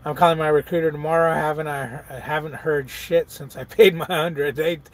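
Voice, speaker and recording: A man's voice: fairly high pitch, fairly even intonation, moderate pace. A middle-aged man, a truck driver, chatting casually on a live stream, reading viewer comments aloud, laughing often and riffing on them.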